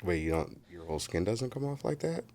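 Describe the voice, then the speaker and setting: A man co-hosting a podcast, teasing his partner in deadpan casual chat, heard from off the microphone. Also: deep voice, a little fast. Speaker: podcast co-host.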